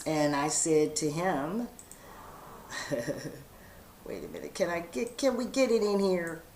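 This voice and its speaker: Black lady vlogging, low voice, takes her time, echoey room, a little noise. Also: slow pace, long pauses, a little mellow. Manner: chatty, talks straight to her viewers, fumbles with the camera. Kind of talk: casual commentary reading a viewer letter aloud.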